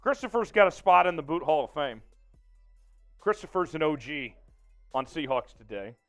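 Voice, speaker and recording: Excitable man hosting a sports livestream. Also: on the high side, normal speed, faint music behind. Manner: excitable, reads out super chats, laughs often. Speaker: livestream host. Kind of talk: casual livestream chat.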